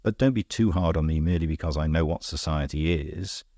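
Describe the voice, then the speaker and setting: A man voicing a cool, worldly gentleman detective who speaks in a calm, dry, knowing way. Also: a bass voice, brisk, no room sound. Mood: wry.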